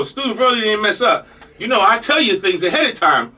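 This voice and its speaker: Fast, bright older radio host with a cold. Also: male voice, high voice, big pitch swings, distant mic. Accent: New York Jamaican. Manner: loose, joking, rambling. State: has a cold. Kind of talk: talk radio introduction. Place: radio studio.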